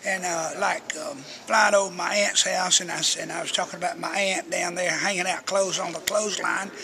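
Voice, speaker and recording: A man's voice: high voice, steady tone, fairly quick, vocal fry, sharp tone. An older man, a radio personality telling rambling, folksy stories as an interview guest. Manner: folksy, chatty storyteller who acts out quotes.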